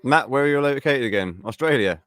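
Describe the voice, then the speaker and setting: A West Midlands man from England hosts a casual live-stream chat, saying "mate" constantly. His mid-range, fairly bright voice has lively intonation and runs a little fast, with no echo.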